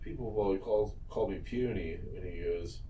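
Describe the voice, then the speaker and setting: A man with a mellow, dark voice, chatting casually about an episode and acting out lines. He is heard from a distance in an echoey room. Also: deep voice, brisk, slight background noise. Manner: laughing retelling, acts out quoted lines. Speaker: podcast co-host. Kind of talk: casual recap chat. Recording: echoey room, away from mic.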